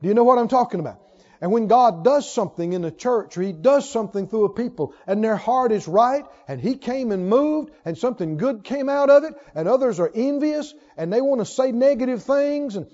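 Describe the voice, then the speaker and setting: A man preaching a sermon in a church, fervent and emphatic, swinging from loud to hushed. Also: very high voice, animated, a little fast. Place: church sanctuary. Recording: lo-fi recording with long hall reverb.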